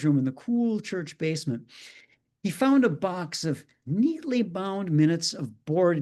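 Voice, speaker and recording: A middle-aged man preaching in a storytelling way, his voice sitting a little high for a man. He delivers the tale with a dry, ironic wit and lets his asides land quietly. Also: big pitch swings, moderate pace. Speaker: minister. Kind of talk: storytelling sermon.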